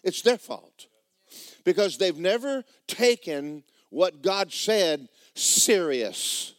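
A man's voice: sits high, very animated, slow, no room sound, clean studio sound. A man preaching a sermon in a church, folksy and blunt, building to fervent emphasis. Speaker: pastor. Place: church sanctuary.

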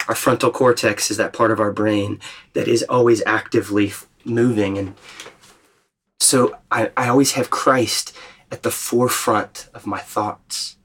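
A man leading a group retreat, teaching in a thoughtful, gently questioning way. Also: fairly low pitch, steady tone, measured pace, husky. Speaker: retreat leader. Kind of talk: reflective spiritual teaching.

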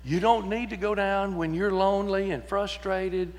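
A male preacher drives his point home with rolling repeated phrases, then drops into folksy storytelling. His voice sits high and rings in the long reverb of a church sanctuary. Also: steady tone, moderate pace. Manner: emphatic, repetitive build-ups rising to shouts. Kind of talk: sermon.

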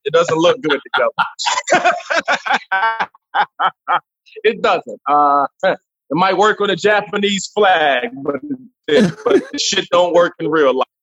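A husky, slightly high male voice, animated and quick to laugh as he rattles through stories with plenty of restarts. He is on a remote call, and the audio sounds dull and lo-fi, dry with no room sound. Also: no room sound. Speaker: guest comedian. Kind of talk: casual interview chat.

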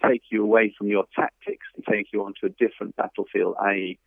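A man's voice: on the low side, flat delivery, fast, creaky, dry recording. A man being interviewed as a tennis author, telling stories thoughtfully with frequent fillers. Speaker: tennis author and coach, guest. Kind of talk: interview over a phone line. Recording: dry, tinny phone line.

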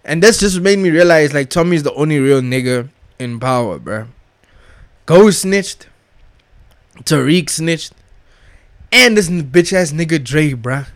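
A young man's voice, pitched a touch high, talking straight into a dry, close mic with no room sound. He rants casually in thick slang, swears freely and leans on repeated filler address words. The delivery is emphatic and restless. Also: expressive, measured pace, long pauses, no echo. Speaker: vlogger reviewing a TV show. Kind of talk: casual rant.

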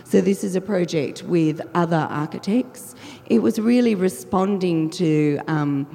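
A woman curator, speaking through a croaky, husky voice as she presents her projects in a measured talk with frequent ums. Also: lowish voice, warm tone. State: hoarse, croaky voice. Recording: long reverb of a lecture hall.

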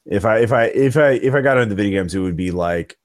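A man's voice: lowish voice, fast talker, dry recording, studio quality. A man chatting casually as a podcast guest, rambling with many restarts and fillers. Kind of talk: casual chat.

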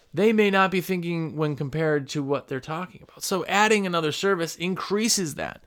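This podcast host for window cleaners talks briskly with few pauses, his voice high and fairly bright. Rambling casually at his computer microphone, he gives business advice and acts out customer calls.

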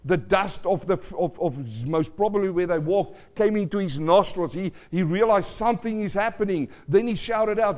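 A male pastor preaching a sermon, swinging from loud cries to hushed asides and asking the congregation questions. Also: high-pitched, lively intonation, normal speed, few pauses. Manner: repeats phrases, asks the congregation questions.

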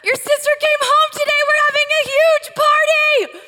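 A woman's voice: very high voice, flat delivery, moderate pace, pushed and bright, pitched above the performer's own voice. A woman doing a squealing, overexcited party guest. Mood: thrilled. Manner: squealing, gushing. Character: overexcited family friend at a party. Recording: long reverb of a large hall.

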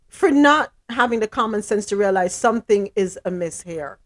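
A woman hosting a podcast in casual chat, blunt and animated, often laughing. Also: mid-range voice, normal speed, few pauses. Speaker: podcast host.

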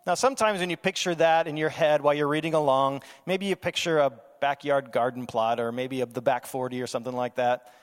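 A man preaching a sermon in a lively, conversational way, with playful asides and quoted voices. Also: mid-range voice, fairly quick, hardly any pauses, in a large hall. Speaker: pastor.

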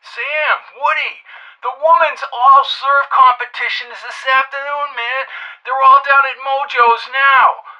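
A man playing an excitable buddy leaves a high, eager voicemail. He sounds energetic and casual. The sound is muffled, like an answering machine. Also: measured pace, exaggerated voice. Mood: excited. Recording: dull lo-fi voicemail line.

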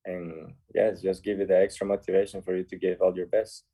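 A man from Costa Rica with a Costa Rican accent, a guest footballer in a casual radio interview, talking cheerfully in halting English and often adding "man". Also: deep voice, flat delivery, warm tone, slightly rough.

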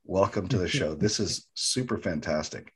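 Guy cohosting a podcast, husky lowish voice, upbeat and eager. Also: expressive, normal speed. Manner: upbeat, enthusiastic, says fantastic a lot. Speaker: podcast co-host. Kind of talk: casual podcast chat.

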